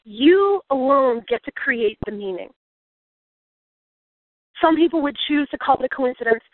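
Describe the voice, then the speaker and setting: Earnest woman speaker, reflective storyteller turned life coach, fairly high voice, tinny phone-line sound. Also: expressive, unhurried, no echo. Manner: earnest, reflective, grows emotional. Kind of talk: personal story with motivational lesson.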